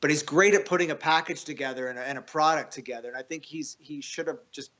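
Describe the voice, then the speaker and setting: A man as a podcast guest, telling stories in a casual, animated way, swearing freely and often restarting his sentences. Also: a little high, quick pace. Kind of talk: casual storytelling.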